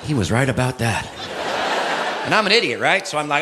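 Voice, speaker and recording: A middle-aged man doing a stand-up comedy routine, telling a story excitedly and putting on voices for his friends. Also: medium pitch, a little fast. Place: live comedy venue with audience. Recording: live audience laughter and crowd noise.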